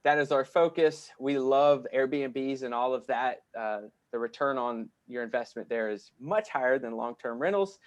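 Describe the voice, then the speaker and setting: A man's voice: medium pitch, normal speed, few pauses. A man speaking as a guest real estate coach in casual, upbeat talk on a video call, with frequent filler sounds.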